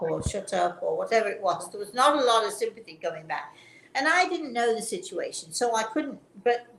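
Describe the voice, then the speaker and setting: Woman, talk show host, earnest, gentle, restarts sentences, roomy echo, faint background hum. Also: a little high. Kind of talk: casual chat, personal storytelling.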